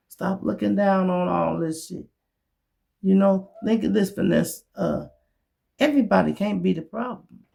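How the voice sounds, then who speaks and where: A man's voice: a little high, gravelly, dark tone. A man from Memphis, hosting a blunt, profane commentary monologue that mocks its target. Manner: blunt, profane, mocking, acts out others' voices. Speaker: show host.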